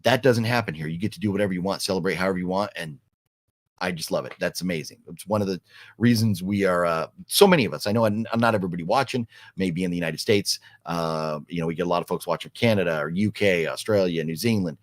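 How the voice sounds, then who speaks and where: A man's voice: sits low, quick pace, dry recording, clean studio sound. A man talking casually on a live stream, rambling with lots of fillers and restarts as he answers chat. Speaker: vlogger reading live chat.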